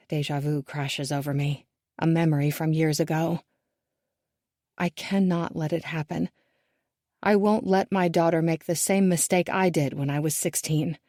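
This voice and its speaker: A woman narrating a first-person thriller audiobook in a measured, hushed and tense manner. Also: deep voice, no echo, clean studio sound.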